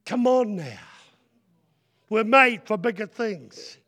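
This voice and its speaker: Male preacher, high voice, loud and rambling, jokes and crowd call-outs. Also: animated, slow. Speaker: guest preacher. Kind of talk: sermon.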